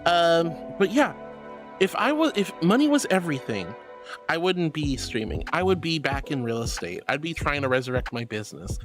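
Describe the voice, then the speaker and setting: A woman's voice: sits low, very animated, normal speed. Bubbly gushing woman streamer. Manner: bubbly, gushing and affectionate, with squeals and baby talk. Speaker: livestreamer reading chat. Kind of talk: casual livestream chat. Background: faint music.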